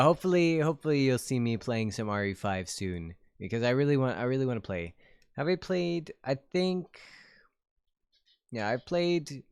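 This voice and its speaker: A man streaming live and chatting casually with viewers, giggling often and gasping with excitement. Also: mid-range voice, clean tone, no echo, clean studio sound. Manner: giggly, excitable, gasps and frequent exclamations.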